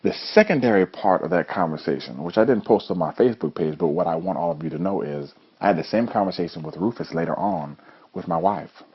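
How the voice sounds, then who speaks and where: A man's voice: low voice, expressive, brisk, breathy edge. A man from Florida giving an earnest, motivational storytelling monologue as a judo coach and show host. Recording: dull lo-fi recording.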